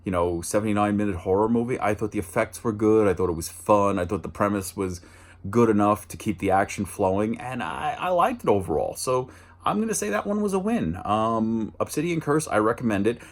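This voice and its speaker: A man's voice: animated, a little fast. A man hosting a casual movie review, rambling and chatty, with restarts and dry asides. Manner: jumps higher and louder when mimicking lines.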